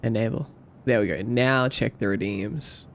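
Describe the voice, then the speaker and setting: A man's voice: lowish voice, a little slow, slight background noise. A young man with an Australian accent hosting a casual livestream, reading viewer comments aloud and answering them in a playful, easygoing way. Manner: playful and easygoing, answers chat with light joking.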